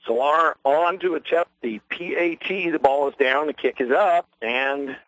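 A man doing play-by-play for a local radio broadcast of a ball game, folksy and rambling, quickening on big plays, with a voice worn from a long night. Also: a little high, a bit bright, no echo, rough recording. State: losing his voice. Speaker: play-by-play announcer. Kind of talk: local radio sports commentary.

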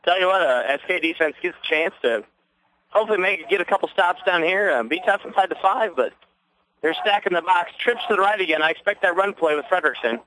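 A man adds color commentary on local radio, breaking down the plays in an easygoing, analytical way. His voice is bright and forceful and sits a little high. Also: quick pace, poor audio.

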